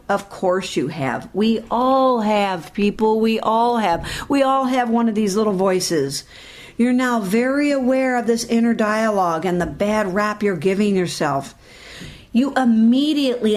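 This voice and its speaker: A woman giving a motivational talk, speaking directly to her listeners in an animated way. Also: mid-range voice.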